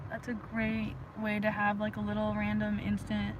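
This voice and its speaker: A woman's voice: mid-range voice, completely flat delivery, moderate pace, muffled recording, noisy background. A young adult woman hosting a livestream, rambling casually about spirituality with frequent giggles and bursts of chanting. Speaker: livestream host.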